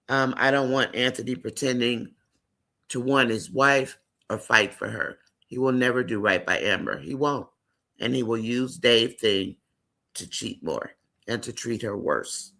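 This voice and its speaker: A man's voice: mid-range voice, sharp tone. A man hosting a casual live-stream chat, reading viewer comments aloud and greeting and affirming viewers by name.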